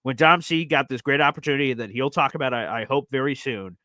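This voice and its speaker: A man hosting a live football talk stream, enthusiastic and animated, often calling listeners "baby". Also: mid-range voice, fast talker, dry recording, studio quality. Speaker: host of a sports talk show.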